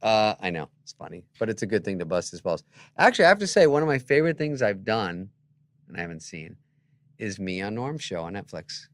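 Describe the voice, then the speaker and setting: A man who is a comedian guest in casual chat, telling animated, sarcastic stories and acting out quoted lines. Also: fairly low pitch, brisk, no echo.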